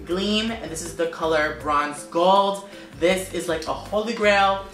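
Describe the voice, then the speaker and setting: A man's voice: sits high, unhurried, fairly bright tone, distant mic. A man talking casually about makeup favorites in a vlog, gushing and repeating words for emphasis. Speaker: makeup vlogger. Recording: roomy echo, off-mic, music behind.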